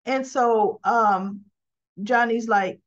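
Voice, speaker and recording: A woman with a slightly high voice hosts a casual soap opera recap. She rambles on in a chatty way and keeps saying "um" and "you know". The recording is muffled and lo-fi. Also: drawn-out words. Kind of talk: casual spoken episode recap.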